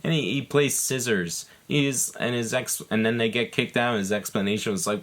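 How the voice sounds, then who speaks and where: A man casually recapping TV episodes in a rambling way, full of fillers and restarts, often slipping into quick quoted lines from the characters. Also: mid-range voice, fairly bright tone. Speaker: TV series reviewer.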